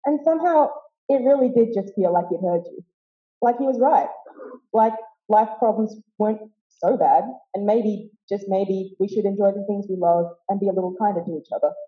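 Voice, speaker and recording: A young woman giving a wry, vivid memorial speech full of stories. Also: medium pitch. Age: young adult. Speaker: eulogy speaker. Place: woolshed hall. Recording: roomy, dull hall sound.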